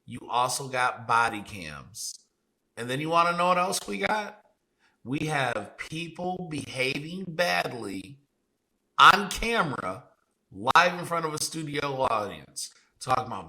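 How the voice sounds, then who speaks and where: A man co-hosting a podcast delivers heated commentary in a blunt, profane manner. He keeps firing rhetorical questions. His voice is bright and forward. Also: mid-range voice, big pitch swings, unhurried, rough recording. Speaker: podcast co-host.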